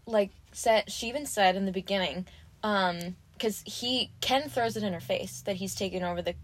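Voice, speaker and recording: A young woman co-hosting a podcast in casual chat, talking in an animated way with lots of "like" and acted-out quotes. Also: medium pitch, moderate pace. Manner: animated, fillers like "like", acts out quotes. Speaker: podcast co-host.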